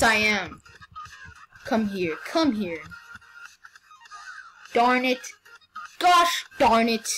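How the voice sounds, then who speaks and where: A woman's voice: medium pitch, a bit bright, rough recording. Young woman, playful gaming commentary, teasing, stammering restarts, faint music behind. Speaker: gameplay commentator.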